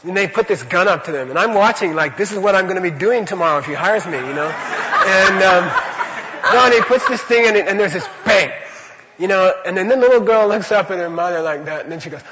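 A Buddhist teacher speaks in a high, expressive voice, a little fast, laughing as he tells stories and often saying "you know" in his rambling, chatty talk. The reverberant hall gives it a dull lo-fi quality, and heavy background noise sits underneath.

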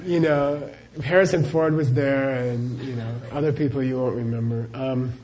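A man's voice: mid-range voice, steady tone, moderate pace, darkish tone. A middle-aged man, a Buddhist teacher, answering questions in a live talk as a chatty storyteller who laughs often and says "you know" a lot.

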